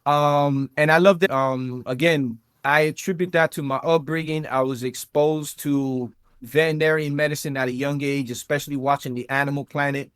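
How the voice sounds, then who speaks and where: A man in his thirties with a South Florida accent, a podcast guest telling his story in a lively, chatty way with many fillers. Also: a little high, normal speed, clean tone, no echo, studio quality. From South Florida, USA. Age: 30s. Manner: animated storyteller, many fillers, addresses listeners as guys. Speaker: podcast guest, vet tech and entrepreneur. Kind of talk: casual interview chat.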